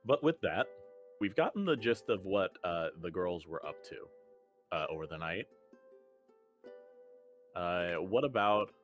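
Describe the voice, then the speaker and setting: A man's voice: sits low, lively intonation, a little slow, long pauses, faint music behind. A man chatting casually and narrating as game master, telling stories with a laugh. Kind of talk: casual tabletop game chat.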